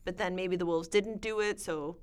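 A woman's voice: fairly low pitch, fairly even intonation, moderate pace, smooth. A woman co-hosting a casual chat, enthusiastically recommending books. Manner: enthusiastic, gushing. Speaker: podcast co-host.

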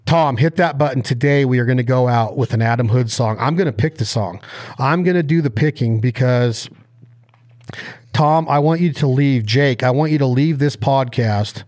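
A man hosting a podcast in casual chat. He is energetic, talks over his guest at times, and coaches his guest step by step. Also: mid-range voice, moderate pace. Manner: coaching and instructive. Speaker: podcast host.

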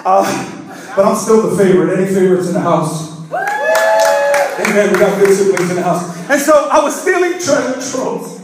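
A pastor with a high-sitting voice, lively intonation and brisk delivery tells funny stories as humorous sermon storytelling. He's playful, joking and calling out to the congregation, with a crowd audible behind him. The hall is very echoey.

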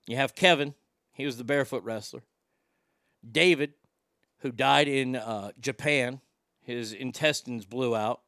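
A man's voice: mid-range voice, a little slow, pauses often, a bit bright, no echo, studio quality. A man hosting a podcast in a casual, rambling style, emotional and swearing freely. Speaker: podcast host. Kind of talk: casual chat.

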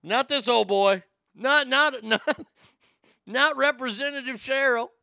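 A man's voice: very high voice, takes it slowly, gravelly, sharp tone, no echo. A man hosting a talk show, giving casual news commentary that rambles and stammers, with crude joking asides.

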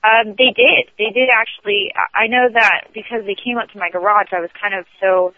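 Man, high voice, rambling, restarts, phone line, dry. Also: steady tone, brisk, no echo. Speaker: guest on a radio show. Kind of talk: casual storytelling on a call-in.

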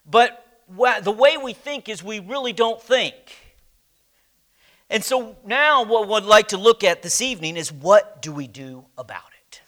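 Male Bible class teacher: high, bright voice, unhurried delivery, quizzes the room. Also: lively intonation. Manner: slow, emphatic, asks the class questions. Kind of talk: church Bible class lesson.

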